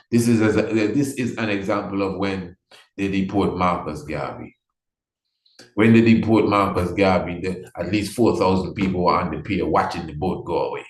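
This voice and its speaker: Deep-voiced male host, earnest and insistent, recorded in a reverberant room. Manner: earnest, repeats himself for emphasis. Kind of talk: impassioned livestream talk.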